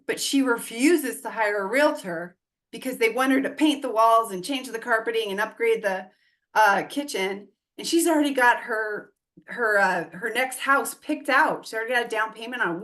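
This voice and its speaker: A woman in her forties, a real estate investor and coach, appears as a guest on an interview podcast, telling a story casually and animatedly acting out quoted dialogue. Her voice is on the high side at a normal speed.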